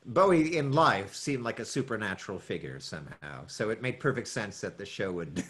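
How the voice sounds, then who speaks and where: A man's voice: lowish voice, lively intonation, normal speed, fairly bright tone, a little hiss or hum. A man guesting on an interview show as a voice actor, chatting casually in a rambling way with frequent laughs.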